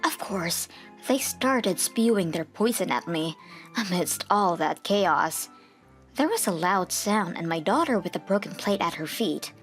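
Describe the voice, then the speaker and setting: A woman's voice: medium pitch, animated, unhurried, soft background music. Young woman narrating a manga dub.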